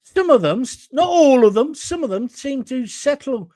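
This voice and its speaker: A man's voice: very high voice, lively intonation, moderate pace, warm tone, no echo. A middle-aged man, hosting an opinionated solo talk show monologue in a blunt, combative and indignant way.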